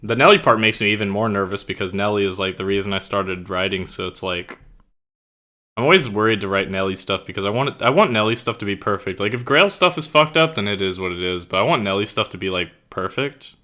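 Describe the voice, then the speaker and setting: Bright-voiced young man rambling casually. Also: on the low side, quick pace. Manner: rambling, filler-heavy, swears casually. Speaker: streamer. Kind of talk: casual chat with live chat. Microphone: own streaming mic.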